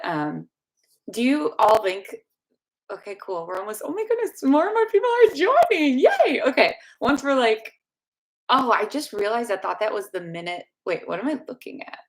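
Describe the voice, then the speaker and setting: A young woman from the Chicago area with a Chicago accent, chatting casually and rambling with restarts as she hosts a livestream Q&A. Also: medium pitch. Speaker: dental hygiene channel host. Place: home room with space heater.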